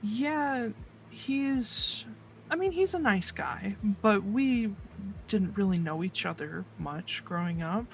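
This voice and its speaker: A game master voicing a wary young woman under questioning, answering in halting, hesitant bursts. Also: medium pitch, animated, gravelly, slight background noise. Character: wary young half-orc-related woman, guarded clerk.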